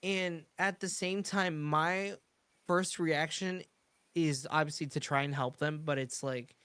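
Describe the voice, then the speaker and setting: A man's voice: a little high, fairly even intonation, measured pace, pushed and bright, clean tone, dry recording. A man chatting casually on a podcast, rambling through a work story with many restarts. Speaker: podcast host. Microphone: streaming studio mic.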